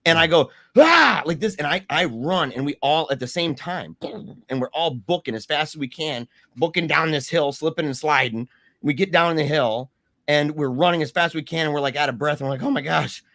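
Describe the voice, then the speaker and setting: A man guest telling a story in casual talk, animated, with many restarts and fillers. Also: a little high, brisk, no echo, studio quality.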